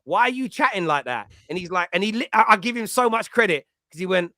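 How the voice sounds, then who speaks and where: A man's voice: high-pitched, quick pace, dry recording. Chatty East London man, dry close sound. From East London, England. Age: adult with a school-age child. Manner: animated, chatty, laughs often, frequent restarts. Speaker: fan podcast host. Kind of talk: casual chat, answering live chat comments.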